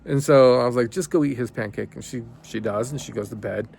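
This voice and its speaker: A man's voice: medium pitch, a little fast, creaky, a little mellow, husky. A man vlogging, telling a family story in a loose, rambling way with plenty of fillers and restarts. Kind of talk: casual storytelling monologue.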